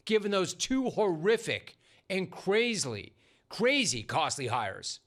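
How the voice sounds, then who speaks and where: A man's voice: on the high side, very animated, measured pace, a bit bright. Punchy, sarcastic sports talk host man. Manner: punchy, sarcastic, rhetorical questions. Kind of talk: sports talk radio monologue.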